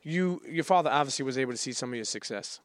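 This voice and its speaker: A man hosting a podcast interview, earnest and halting, restarting his sentences. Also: mid-range voice, lively intonation, dry recording. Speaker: podcast host. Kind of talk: casual interview.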